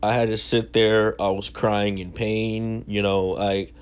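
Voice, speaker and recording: A man's voice: fairly low pitch, level tone, unhurried, clear, resonant tone. A young man casually telling a story from his childhood in slangy, self-mocking talk. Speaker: vlogger.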